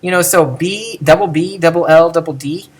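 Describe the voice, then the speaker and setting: A man's voice: on the high side, normal speed, husky. A man teaching a lecture on Greek pronunciation from his computer at home, thinking aloud with many fillers and restarts.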